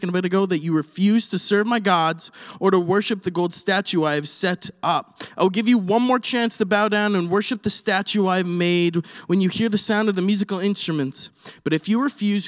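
A man preaching a sermon and reading scripture aloud, animated, swinging from quiet asides to loud, shouted lines. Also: a little high. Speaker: pastor. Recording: reverberant hall.

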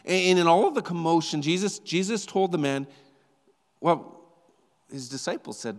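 A male pastor giving a sermon in a conversational, animated storytelling way, often repeating words as he goes. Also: a little high, normal speed, in a large hall.

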